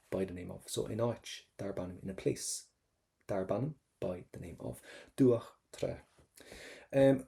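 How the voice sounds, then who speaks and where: A man's voice: fairly low pitch, gravelly, darkish tone. A man with an Irish accent, teaching an exam-prep language lesson in a chatty, joking way, drilling pronunciation.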